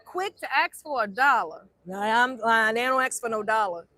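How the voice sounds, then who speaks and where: An older grandmother tells stories in a high, bright voice. She is animated and acts out every voice she quotes. The sound is close and dry, with no room around it. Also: normal speed, no echo. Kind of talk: casual storytelling chat.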